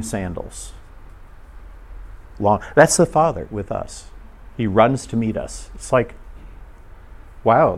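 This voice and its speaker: Man giving a casual, chatty sermon. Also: medium pitch. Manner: informal, asks the audience questions, acts out short voices. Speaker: preacher. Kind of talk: conversational sermon.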